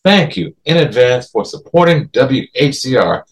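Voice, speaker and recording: A man who hosts a community radio show, reading a scripted fundraising appeal in a clear, deliberate way. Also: rough recording. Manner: clear, deliberate read with lively pitch.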